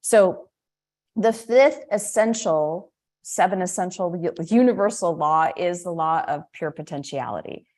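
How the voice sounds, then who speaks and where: A woman's voice: on the low side, unhurried, darkish tone. Woman coaching on spiritual laws. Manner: conversational, self-correcting, with asides. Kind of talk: teaching talk on spiritual laws.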